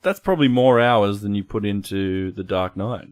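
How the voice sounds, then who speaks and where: A man's voice: fairly low pitch, moderate pace, a little mellow, clean tone. A man co-hosting a podcast in casual chat, loose, laughing easily and swearing. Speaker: podcast co-host.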